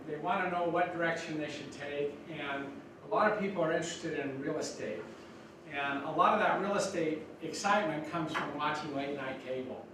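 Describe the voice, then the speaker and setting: An older man giving a rambling, folksy talk to college students, with many restarts. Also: on the high side. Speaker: guest speaker. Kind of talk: speech to students. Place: college lecture room. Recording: echoey hall from far off, noisy.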